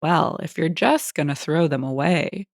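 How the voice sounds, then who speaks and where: A woman's voice: low voice, unhurried, no room sound, studio quality. A woman doing a baffled, stingy male customer. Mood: confused. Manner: baffled, insistent questioning. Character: dim, penny-pinching adult male customer.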